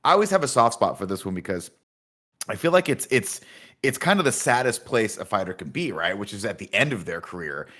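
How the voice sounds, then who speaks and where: A man's voice: fairly low pitch, brisk. A man co-hosting a podcast, talking about a movie with enthusiasm, swearing and acting out lines. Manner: animated, enthusiastic, profane, acts out movie lines. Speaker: podcast co-host. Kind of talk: casual movie review chat.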